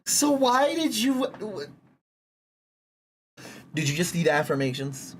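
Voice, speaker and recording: Lively streamer with sudden high squeaks. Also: takes it slowly, faint music behind. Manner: talks to chat, teasing, with sudden high squeaks. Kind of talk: casual livestream chat while drawing.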